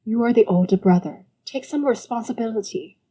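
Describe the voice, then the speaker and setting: A woman voicing a calm, stern father. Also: a little high, breathy edge. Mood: firm. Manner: measured, lecturing. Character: stern middle-aged father, calm and firm. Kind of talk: audiobook character voice.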